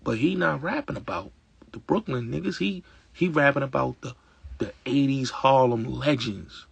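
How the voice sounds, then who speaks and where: In a dry recording, a man hosts his own show with a casual, opinionated monologue, his medium-pitched voice gravelly and raspy. He speaks at a normal pace, emphatic and streetwise, circling back to the same points and leaning on fillers.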